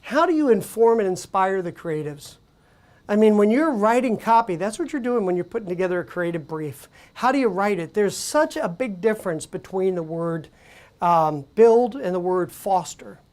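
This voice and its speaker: A woman presenting at a conference, speaking conversationally with animated storytelling and frequent fillers. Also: medium pitch, normal speed. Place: conference venue.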